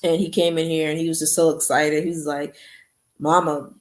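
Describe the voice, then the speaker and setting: A woman's voice: low-pitched, level tone, fast, a little mellow. A woman podcast host reading a novel aloud to her listeners, chatting casually in between. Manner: casual, chatty, says "y'all". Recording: echoey room.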